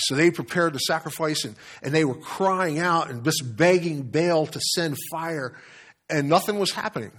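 A man preaching a sermon in an animated storytelling manner. He repeats words and chuckles as he speaks. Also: fairly high pitch, moderate pace. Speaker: pastor.

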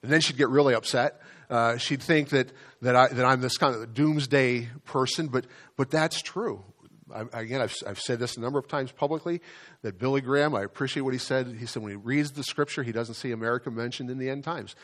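A man preaching a sermon as pastor, in a conversational way, often repeating words and slowing down to stress key phrases. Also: mid-range voice, fairly bright tone.

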